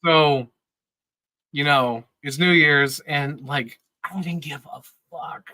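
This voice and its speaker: A man's voice: a little high, slow pace, bright, forceful tone, dry recording, rough recording. A man in his thirties telling casual, rambling stories on a podcast, laughing often and swearing freely. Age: 30s. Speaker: podcast regular. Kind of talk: casual storytelling chat.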